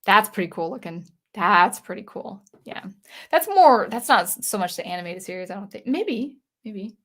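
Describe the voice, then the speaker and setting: A woman's voice: mid-range voice, expressive, moderate pace. A woman hosting a casual livestream for a music channel, reading viewer comments and rambling with frequent restarts.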